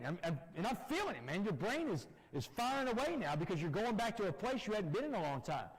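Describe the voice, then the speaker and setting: A husky man gives a motivational talk and moves quickly from one story beat to the next. His pitch jumps around as he acts out the dialogue, and his voice sits fairly high. The sound carries a long church-hall echo. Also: big pitch swings. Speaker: guest speaker.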